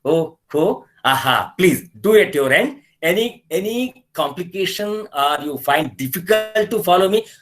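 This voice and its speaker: A man's voice: high-pitched, expressive, moderate pace, hardly any pauses, fairly bright tone. Older Indian man teaching laughter yoga. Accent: Indian English. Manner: repetitive, earnest, demonstrates laughing sounds. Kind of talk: online webinar instruction. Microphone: video call.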